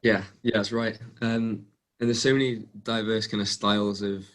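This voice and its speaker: A young man from England speaks as a guest in a casual interview. His voice sits somewhat low and stays fairly flat in pitch. He tells stories in a relaxed way, with plenty of ums and small restarts. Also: normal speed. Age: young adult. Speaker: guest athlete.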